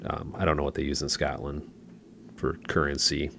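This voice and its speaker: A man's voice: rumbling low, monotone, normal speed, creaky, a bit bright, slight background noise. A man co-hosting a podcast, chatting casually and telling long jokes and stories in a laid-back way. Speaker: podcast co-host. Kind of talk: casual chat, storytelling.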